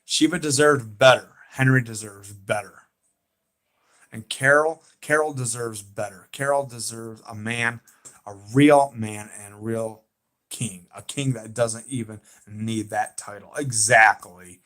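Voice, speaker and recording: A man with a Southern accent hosting a livestream, chatting excitedly and emphatically with viewers, repeating his points. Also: medium pitch, a little slow. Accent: American Southern. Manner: excitable and emphatic, repeats himself, talks back to chat. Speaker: livestream host. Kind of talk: casual fan chat on a livestream.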